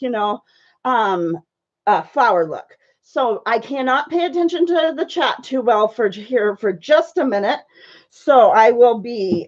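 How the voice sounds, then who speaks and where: A woman with a high voice chats loosely with her viewers while painting live, greeting them by name and filling her sentences with "you know" and "um". Her audio sounds dull and lo-fi, like a home stream mic. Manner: chatty, friendly, many fillers, greets viewers by name.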